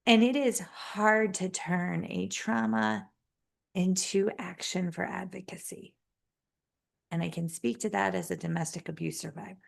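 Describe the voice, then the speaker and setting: A woman speech-language pathologist hosting a podcast, speaking candidly and with feeling, in rushes and restarts. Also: fairly low pitch, steady tone, vocal fry. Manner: heartfelt, talks in rushes and restarts. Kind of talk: candid, emotional conversation.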